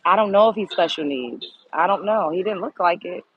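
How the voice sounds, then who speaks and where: A woman's voice: lowish voice, brisk, highs cut off, a little hiss or hum. Chatty woman live-streaming on a phone. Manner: chatty, exclamatory, talks straight to viewers. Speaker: livestream host. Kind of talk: casual live-stream chat to viewers.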